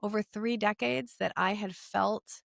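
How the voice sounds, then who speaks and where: A woman's voice: medium pitch, steady tone, unhurried, vocal fry, no room sound, clean studio sound. Earnest middle-aged woman telling her story. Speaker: podcast guest. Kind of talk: personal storytelling in conversation.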